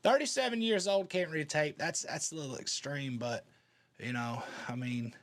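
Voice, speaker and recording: A man's voice: fairly high pitch, moderate pace, a bit bright. A man hosting a podcast, answering call-in messages in a laid-back, rambling way. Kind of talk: casual commentary.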